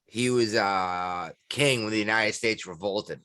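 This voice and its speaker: A man's voice: on the low side, measured pace, bright, forceful tone, clean tone, no echo. Casting: male podcast co-host, blunt and swearing, dry close mic. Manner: blunt, swears freely, laughs while talking. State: hiccuping. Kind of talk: casual chat.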